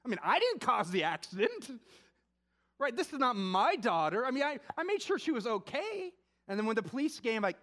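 Man, pastor, high voice, conversational sermon, animated storytelling. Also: fairly quick. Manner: animated storytelling, frequent "right?" asides.

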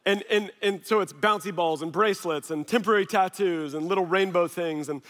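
A pastor in his thirties preaches a sermon by telling an animated personal story packed with quick asides. He has a high voice, and a long hall reverb surrounds the recording.

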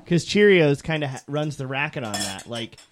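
A man's voice: medium pitch, lively intonation, normal speed, noisy background. A man hosting a podcast in a recording studio, joking around in a teasing, playful way. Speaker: podcast host. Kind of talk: casual chat.

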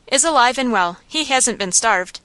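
A coarse, coolly mocking saloon keeper with slangy, insolent talk, read out by a woman. The voice sits fairly high and bright. It sounds dry and close. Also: animated, moderate pace, dry recording.

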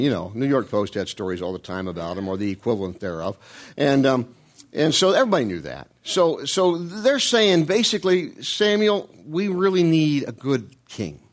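A man preaching and retelling a Bible story in a conversational, animated way, jumping up in pitch and often restarting his words.

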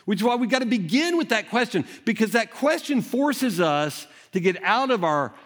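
A man preaching in a loose, conversational way, asking his listeners question after question. His voice sits a little high and swings widely in pitch, dropping low and quiet, then climbing up again. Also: moderate pace. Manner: animated, conversational, rhetorical questions. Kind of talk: sermon.

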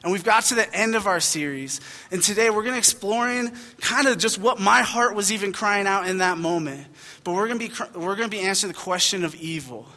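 A young adult man, a pastor, giving a sermon with animated storytelling and self-deprecating asides, in a large church hall. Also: high-pitched, a little fast. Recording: hall reverb.

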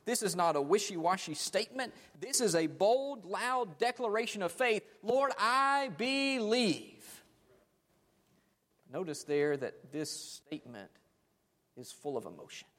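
A man's voice: high-pitched, big pitch swings, normal speed. A man preaching a sermon, dramatic, letting his phrases fade off almost to silence. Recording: long hall reverb.

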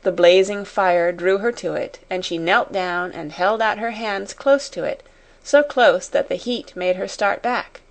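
Slow, measured woman narrating a storybook. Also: medium pitch. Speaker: audiobook narrator.

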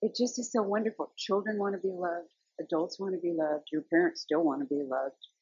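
An older woman with a husky, breathy, fairly low voice shares a rambling personal faith testimony, stopping often on little fillers. The recording is dry and a bit dull, like a modest lo-fi setup. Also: a little fast, a little mellow, dry recording. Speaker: Bible study teacher.

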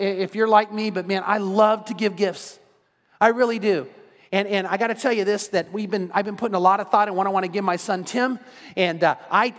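A man's voice: high-pitched, a bit bright. A middle-aged man preaching a sermon as a pastor, earnest and repetitive, often restarting his words. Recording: long hall reverb.

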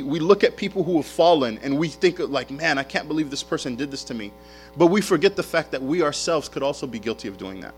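A man preaching a sermon as a pastor, telling stories in an animated way with casual slang. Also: fairly high pitch.

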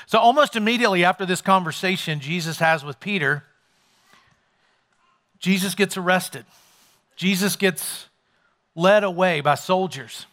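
A male pastor delivers a sermon in a church sanctuary before his congregation. His voice sits high and rings bright and forceful. He talks conversationally, throwing in jokes for the crowd. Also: unhurried, long pauses.

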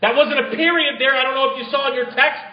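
High-voiced man preaching in an echoey church. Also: quick pace. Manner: addresses the congregation with rhetorical questions. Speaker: pastor. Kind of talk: sermon. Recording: echoey, dull lo-fi church recording.

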